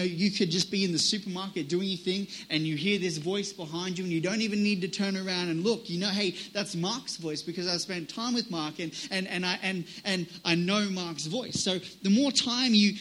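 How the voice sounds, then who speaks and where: Bright-voiced man preaching a sermon. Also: fairly high pitch, rough recording. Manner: conversational, many restarts and "right?" tags. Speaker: pastor.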